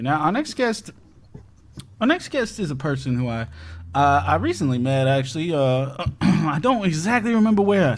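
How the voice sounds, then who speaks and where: An actor playing a rambling doomsday-prep show host who stumbles and restarts mid-sentence. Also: male voice, on the high side. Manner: rambling, stumbling over his words. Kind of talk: improvised comedy live stream. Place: home bunker.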